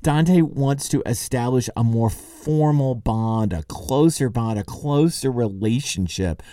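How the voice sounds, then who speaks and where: A man's voice: medium pitch, mellow, dry recording, studio quality. A man hosting a podcast, giving a conversational literary lecture, thinking aloud with occasional chuckles. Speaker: podcast host and lecturer on Dante.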